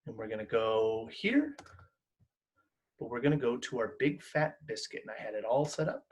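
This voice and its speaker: A man's voice: medium pitch, normal speed, breathy edge. A man teaching an online music class for children, talking encouragingly and singing songs for them to echo. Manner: animated, encouraging, sings call-and-response songs.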